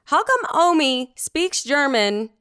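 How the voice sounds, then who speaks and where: Female co-host, chatty film talk, expressive pitch, dry close mic. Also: takes it slowly, no room sound. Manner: chatty, giggly, opinionated. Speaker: podcast co-host. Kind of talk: casual movie discussion.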